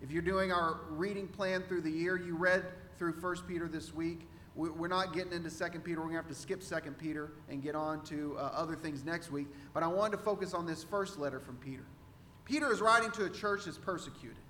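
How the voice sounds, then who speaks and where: A man's voice: fairly high pitch, fairly even intonation, fairly quick, pushed and bright, big-room sound, a little hiss or hum. A man from Central Texas with a Texan accent, preaching a sermon as pastor in a conversational way, repeating rhetorical questions. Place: church sanctuary.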